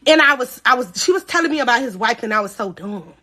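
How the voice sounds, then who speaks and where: A young woman telling a story live to viewers in a casual, animated way, swearing, laughing often and calling her audience y'all. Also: a little high, fast talker.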